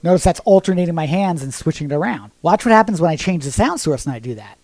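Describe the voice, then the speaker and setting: A man teaching drums in casual instructional talk, explaining step by step and singing rhythms out loud. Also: fairly high pitch, animated, fast talker, background noise. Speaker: drum teacher.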